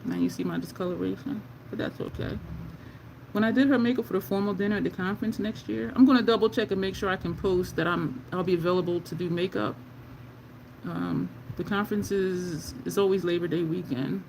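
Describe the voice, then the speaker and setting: A woman's voice: lowish voice, brisk, creaky, darkish tone, a little hiss or hum. A woman chatting casually as she does her makeup on a livestream, rambling through stories and talking to viewers. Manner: chatty, rambling storyteller, Southern-style "y'all" slang. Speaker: makeup vlogger.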